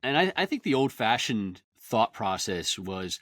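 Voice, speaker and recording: A middle-aged man, a podcast guest, talking fast and with lots of energy in a casual interview. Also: on the low side, very animated, a bit bright, no room sound, studio quality. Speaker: guest, industry consultant.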